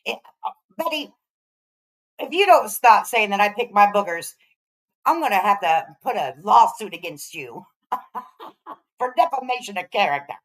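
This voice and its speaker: A woman's voice: medium pitch, animated, moderate pace, rough recording. A woman hosting a reaction commentary, teasing and sarcastic, often breaking into laughter. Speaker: commentary channel host.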